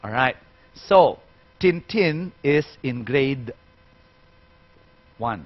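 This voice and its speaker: A man's voice: mid-range voice, expressive, slow. A man leading a storytelling workshop in a playful, demonstrative way, quizzing his audience. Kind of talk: interactive workshop lecture. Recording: muffled, dull recording.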